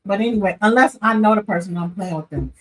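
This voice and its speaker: A woman, chatting casually as she recaps a reality show, animated and opinionated, talking straight to her viewers. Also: mid-range voice, fast talker, poor audio. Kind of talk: casual chat.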